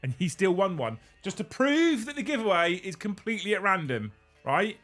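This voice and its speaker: A young man with a fairly high-pitched voice runs a live stream. He banters with his chat, swears casually and breaks into laughs, with faint music under him. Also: big pitch swings, normal speed, a bit bright. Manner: joking, swearing, thanking viewers, laughing a lot. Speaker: livestream host.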